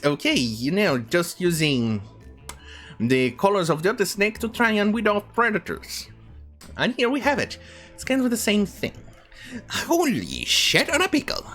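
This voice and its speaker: Slow, sarcastic ranting woman. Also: fairly low pitch. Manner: sarcastic and profane, with mocking repetition. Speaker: online commentator. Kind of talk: ranting news commentary.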